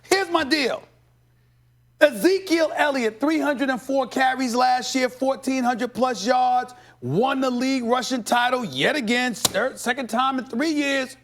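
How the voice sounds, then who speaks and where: A man commenting on a TV sports debate, boisterous and mocking, shouting for emphasis. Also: very high-pitched, measured pace, slight background noise. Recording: played from a TV broadcast.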